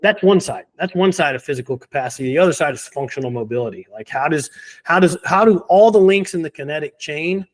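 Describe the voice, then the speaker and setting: A man in an interview, confidently explaining why pain is a sign of a deeper problem, with a laugh now and then between points. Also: expressive, fast. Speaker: physical therapy guest. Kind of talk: conversational interview.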